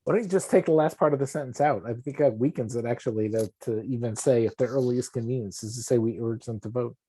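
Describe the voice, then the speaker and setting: A man's voice: mid-range voice, fast, warm tone, husky. A man on a town committee, offering practical suggestions in a casual meeting, with the odd wry aside. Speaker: committee member.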